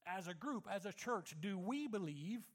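A man speaking to his church, telling a personal story in a reflective manner that slows and softens for emphasis. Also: high voice, lively intonation. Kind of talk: storytelling sermon.

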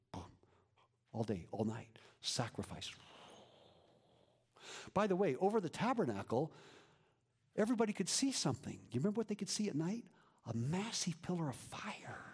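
A man preaching a sermon as a pastor, moving between lively emphasis and hushed whispers. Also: mid-range voice, slightly rough. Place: church.

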